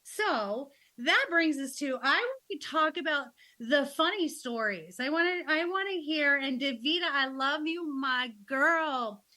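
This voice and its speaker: A woman's voice: high voice, measured pace, few pauses. A woman in her fifties hosting a podcast, a grandmother chatting casually and acting out quotes with laughter. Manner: animated, laughing, acts out quotes. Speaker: podcast host.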